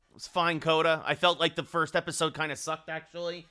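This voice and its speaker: A man's voice: a little high, little pitch movement, brisk, sharp tone, clean tone. A man streaming a hockey game late at night, rambling and thinking aloud as he scrolls through players and chats with his viewers. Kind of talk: live game-stream commentary.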